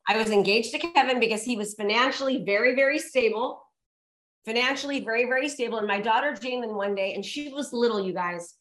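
Woman, high voice, motivational speaker coaxing a live crowd, echoey room. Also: a little fast, fairly bright tone. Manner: emphatic and repetitive, coaxing the audience. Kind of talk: motivational talk to a live audience.

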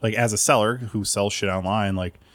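A man hosting a casual podcast, joking loosely and talking quickly. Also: on the low side, steady tone, a bit bright, no room sound. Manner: fast, laughing, loose and joking. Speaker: podcast host.

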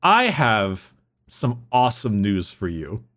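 A man's voice: lowish voice, big pitch swings, slow, fairly bright tone. A man co-hosting a podcast in casual chat, rambling, swearing freely and saying "like" a lot. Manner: rambling, swears, heavy use of "like". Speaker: podcast co-host.

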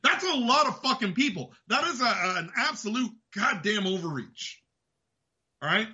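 A man's voice: high voice, big pitch swings, normal speed, bright, forceful tone, lo-fi sound. A man hosting a show, delivering an angry, profane political rant. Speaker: host. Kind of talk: ranting political commentary.

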